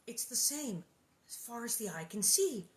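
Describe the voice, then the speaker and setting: A woman reading aloud and voicing a steady, serious pioneer father. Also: fairly high pitch. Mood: grave. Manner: measured, earnest.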